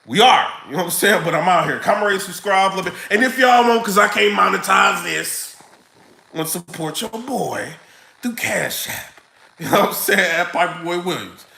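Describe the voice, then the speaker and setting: A man ranting casually to camera in his vlog, animated, full of slang and laughing often. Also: high voice, moderate pace, vocal fry, reverberant, rough recording. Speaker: vlogger.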